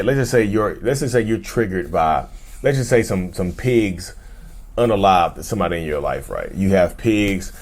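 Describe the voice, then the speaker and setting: A man hosting his own channel, talking casually and animatedly to viewers, often repeating himself. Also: deep voice. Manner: animated, repetitive, addresses viewers as y'all. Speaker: host. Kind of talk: casual talk to camera.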